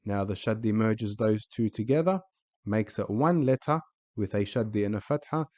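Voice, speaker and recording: A man teaching a lesson in a patient way, saying example words slowly and repeating them. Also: lowish voice, animated, a little mellow, no room sound. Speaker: Arabic teacher. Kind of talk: recorded teaching voice-over.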